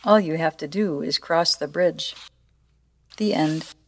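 A woman with a slightly low voice reads a storybook aloud with playful expression. Her delivery is warm-hearted and easy to follow. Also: slow pace, husky. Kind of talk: storybook narration and short devotional.

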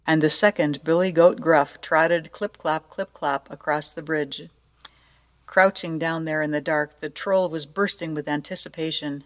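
Playful woman storyteller, slightly low voice. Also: normal speed. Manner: playful, expressive reading. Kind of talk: storybook narration and short devotional.

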